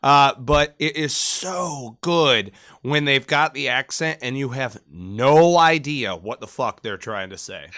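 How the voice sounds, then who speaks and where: A man in his thirties tells crude, joking service stories in a loose, profane podcast chat. His voice sits at an ordinary middle pitch, and he now and then slips into mimicking the people in his stories. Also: animated, slow pace, hardly any pauses, fairly bright tone. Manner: profane, joking storyteller who mimics accents. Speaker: podcast co-host, Marine veteran. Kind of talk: casual chat.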